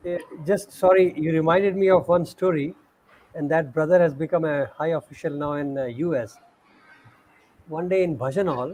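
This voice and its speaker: A man's voice: on the high side, poor audio. A man, telling stories in a casual talk and acting out the quoted speech. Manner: animated storyteller, acts out quoted speech. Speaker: host sharing stories. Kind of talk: conversational storytelling.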